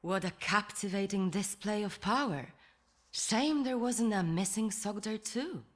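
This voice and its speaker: An actress playing a sarcastic, skeptical academic in a story game, with a dry, mocking delivery. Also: female voice, medium pitch, expressive, measured pace.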